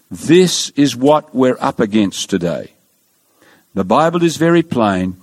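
A man preaching a sermon, telling stories with earnest emphasis and dramatic pauses. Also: a little high. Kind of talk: sermon storytelling.

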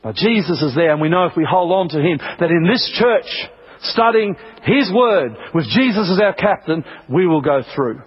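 Impassioned husky-voiced male preacher. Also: high voice, expressive, moderate pace, muffled recording. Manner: impassioned preaching, builds to emphatic peaks. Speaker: pastor. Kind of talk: sermon.

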